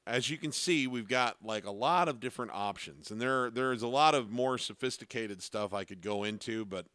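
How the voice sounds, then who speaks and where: A man teaching piano in a relaxed, explanatory way, counting beats aloud as he plays. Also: mid-range voice, moderate pace, smooth, dry recording. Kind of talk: casual piano lesson with sung demonstrations. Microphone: studio dynamic microphone. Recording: piano playing loudly under the voice. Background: loud piano.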